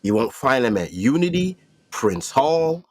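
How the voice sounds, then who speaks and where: A man's voice: mid-range voice, sing-song, measured pace, crowd noise. A man hosting a podcast in casual chat, emphatic and profane, repeating himself for effect. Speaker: podcast host.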